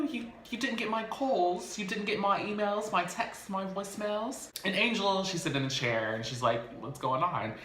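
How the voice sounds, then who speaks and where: Chatty man recapping, bright echoey voice. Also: mid-range voice, a little hiss or hum. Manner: chatty, animated, gossipy storytelling. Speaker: reality TV recap host. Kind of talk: casual episode recap.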